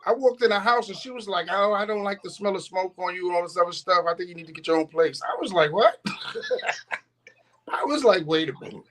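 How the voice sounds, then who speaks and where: A man's voice: sits high, a little fast, slight background noise. A man streaming, telling stories in casual chat, swearing freely, laughing often and acting out quotes. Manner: profane, laughing often, animated quoting.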